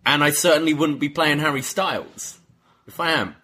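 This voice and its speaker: A man's voice: fairly high pitch, moderate pace, bright, forceful tone, husky. A man co-hosting a podcast in casual chat, teasing his partner with dry jabs. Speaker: podcast co-host.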